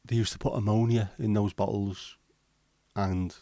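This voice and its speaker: A middle-aged man, hosting a relaxed livestream and chatting with viewers in a jokey, rambling way. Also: on the low side, moderate pace, no room sound. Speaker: livestream host. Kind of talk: casual chat reading viewer comments.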